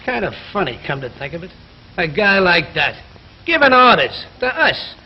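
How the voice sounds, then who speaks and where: A man's voice: on the high side, very animated, rapid-fire, vocal fry, husky, full character voice. An actor playing a surly, bigoted American workman who grumbles in coarse slang. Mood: griping. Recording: muffled 1950s television recording.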